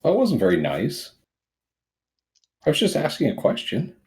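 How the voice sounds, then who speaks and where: A man's voice: on the high side, huge pitch swings, unhurried. A man playing a tabletop game, asking questions in a friendly, inquisitive way as his character. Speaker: player.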